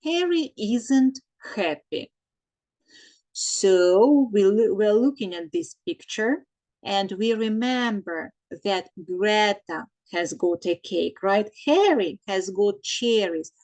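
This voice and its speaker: Slow-paced woman teacher. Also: medium pitch, expressive, a little mellow, low-quality recording. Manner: slow and repetitive, dictating answers, translating into Ukrainian. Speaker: English teacher. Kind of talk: recorded English lesson for children.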